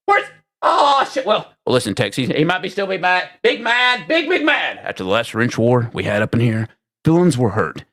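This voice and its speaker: A man hosting a livestream, reading chat aloud with profane, exasperated banter and sudden shouting, tired from lack of sleep. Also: a little high, huge pitch swings, normal speed. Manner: bursts into shouting. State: short on sleep.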